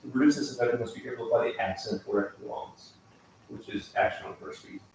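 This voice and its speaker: A man's voice: medium pitch, fast, darkish tone, slight background noise. A man vlogging his piano practice, reading lesson text aloud and adding sarcastic asides. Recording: echoey room, mic far off, piano in background.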